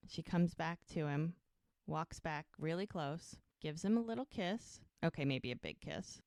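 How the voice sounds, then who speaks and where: A woman podcast co-host with a low voice, retelling a show scene by scene and slipping into each character's lines. Her sound is close and dry, with no room around it. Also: lively intonation, unhurried, darkish tone, dry recording. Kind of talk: casual recap of a TV episode.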